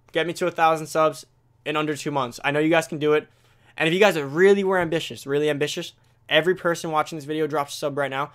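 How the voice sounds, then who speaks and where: Rapid-talking teenage gamer guy. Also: fairly high pitch, a bit bright. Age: teens. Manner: rapid, self-correcting, talks straight to viewers. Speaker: gaming video creator. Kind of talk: fast casual game commentary.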